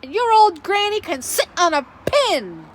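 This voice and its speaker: A woman voicing a rude, angry little male pig in a storybook read-aloud, shouting indignantly. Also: extremely high pitch, big pitch swings, measured pace, slight background noise, voice pushed up, heavily acted.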